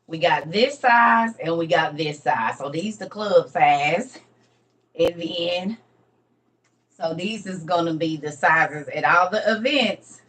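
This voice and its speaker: A woman's voice: lowish voice, slow, a bit bright, low-quality recording. A middle-aged woman, chatting casually with viewers on a morning livestream from home, calling them y'all. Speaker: livestream host. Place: home room.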